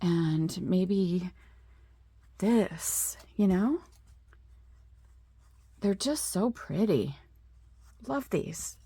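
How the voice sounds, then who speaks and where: A woman's voice: on the low side, expressive, very slow, pauses often, warm tone, husky, dry recording. A middle-aged woman in a casual craft show-and-tell, chatting with lots of fillers and admiring asides. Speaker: craft vlogger.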